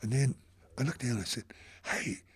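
A man's voice: mid-range voice, normal speed, husky. An older man, telling a rambling anecdote in an interview and acting out the voices of people he quotes. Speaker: photographer. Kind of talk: anecdotal storytelling.

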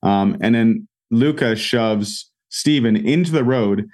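A man's voice: mid-range voice, slow. A man telling an incident in an interview, with lots of fillers as he goes. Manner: animated retelling with fillers. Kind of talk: storytelling in an interview.

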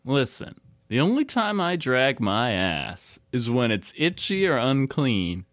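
A man playing a weary, disheveled, self-serious character in an improvised comedy bit. He talks slowly and deadpan, making pompous declarations. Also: mid-range voice, no room sound, studio quality.

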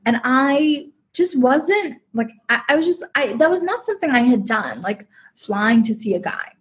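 Appearing as a podcast guest, a woman with a high, animated voice shares a personal story at a moderate pace. She's chatty and emotional and says "like" a lot.

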